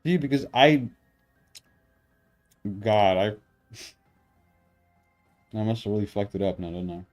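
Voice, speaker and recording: This streaming coder's voice is fairly low and a little dark, animated yet a bit slow. He mutters to himself while working, cursing and complaining in frustration in a relaxed talk-aloud way. You can hear typing and soft music behind him.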